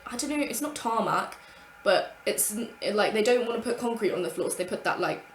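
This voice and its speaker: Woman vlogger, young adult, lively storytime delivery, roomy echo, faint hum behind. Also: mid-range voice, brisk. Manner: animated, swears freely, acts out her own past thoughts. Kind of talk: casual storytime monologue.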